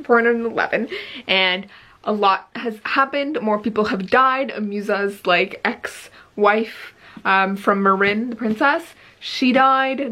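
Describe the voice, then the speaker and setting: A young woman giving an excited reading-update vlog, gushing and breathless, with lots of filler words. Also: medium pitch, rough recording. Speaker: book vlogger.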